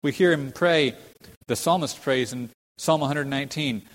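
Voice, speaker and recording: A man's voice: normal speed, long reverb tail. A man preaching a sermon to his congregation, explaining scripture earnestly and putting questions to his listeners, rising to fervent emphasis when he quotes it. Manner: builds to fervent, high-pitched emphasis when quoting scripture. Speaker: pastor.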